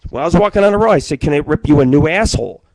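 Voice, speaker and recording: Profane rambling man, higher voice. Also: rapid-fire, dry recording. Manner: excitable, jumps between loud outbursts and muttering. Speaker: internet radio show host. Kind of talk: rambling live-stream monologue.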